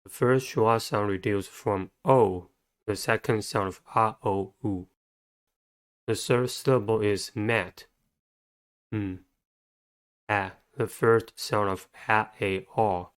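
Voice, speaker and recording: A man with a low, smooth, resonant voice gives a scripted vocabulary lesson. He breaks each word into syllables and sounds, spelling them out in a slow, methodical way. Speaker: English vocabulary teacher. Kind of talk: scripted instructional narration.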